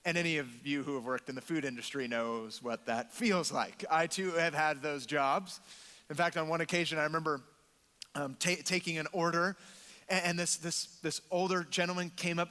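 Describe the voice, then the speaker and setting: A man's voice: fairly high pitch, steady tone, moderate pace, bright, forceful tone, big-room sound. A man preaching a sermon in a church, emphatic, repeating words and acting out quotes. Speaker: pastor.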